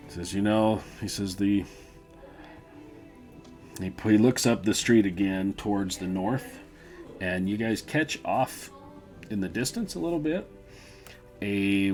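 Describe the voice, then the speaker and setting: A man narrating a tabletop game as game master, relaxed and often laughing as he describes scenes. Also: deep voice.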